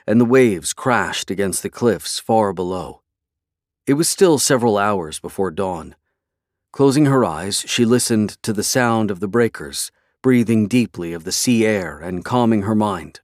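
A man narrating a fantasy novel in a measured, even storytelling way. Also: fairly low pitch, dry recording, clean studio sound. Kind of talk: scripted fantasy audiobook narration.

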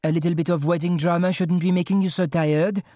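A man's voice: high-pitched, level tone, dark tone, no room sound, pitched above the performer's own voice, natural voice. Man doing a nagging mum. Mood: scolding. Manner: brisk, dismissive, motherly nagging. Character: fussy French mother, middle-aged, scolding. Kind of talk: audiobook character voice.

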